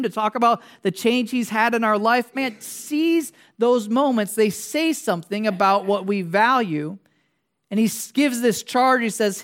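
A man preaching a sermon as a pastor. He talks conversationally, asks the congregation questions and jokes his way through tangents. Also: sits high. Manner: casual, joking, wanders into tangents.

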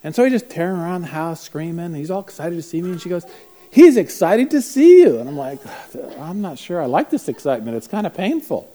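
A man speaking to a live class, telling a story with lively acted-out voices. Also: on the high side, fast talker. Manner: animated, acts out voices in his stories. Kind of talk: storytelling talk to a live group.

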